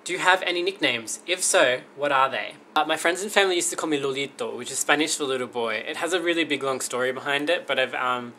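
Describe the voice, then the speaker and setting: A young man in his twenties runs through a casual question-and-answer vlog, dropping wry jokes as he goes. His voice is bright and clear, with a faint bit of room ambience underneath. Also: mid-range voice, fast talker, few pauses, slight background noise. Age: 20s. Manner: wry, joking. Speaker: vlogger.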